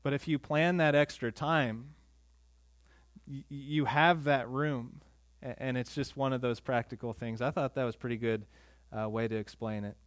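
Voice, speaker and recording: A male pastor preaching a sermon in a conversational, earnest way, with quick asides to the congregation. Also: medium pitch, fairly even intonation, no room sound.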